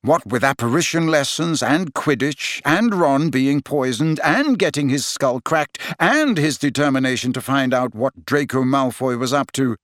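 A man narrating a story in a steady, expressive reading voice on a close microphone. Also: medium pitch, no room sound. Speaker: audiobook narrator. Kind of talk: scripted narration.

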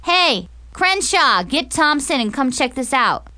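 A woman voicing a popular, excited teenage boy in a storybook reading. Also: mid-range voice, close to an everyday voice. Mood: shouting. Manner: excited, quick questions. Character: popular eager teenage boy, class president.

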